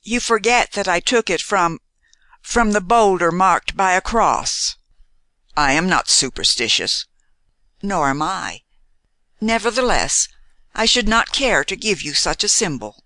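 Proud young Englishwoman, read by an audiobook narrator; lively, bright, crisp. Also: medium pitch, unhurried, dry recording, studio quality, pitched above the performer's own voice. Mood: firm. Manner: lightly teasing, bright. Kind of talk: audiobook dialogue reading.

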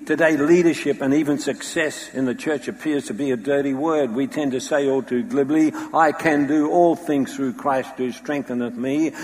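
A man preaching a sermon with dramatic storytelling, acting out the voices he quotes. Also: medium pitch. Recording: long hall reverb.

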